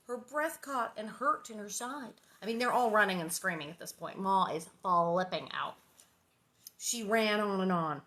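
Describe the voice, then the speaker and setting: A woman's voice: medium pitch, big pitch swings, moderate pace. A woman chatting casually and reading a children's novel aloud, rambling and playful with many asides.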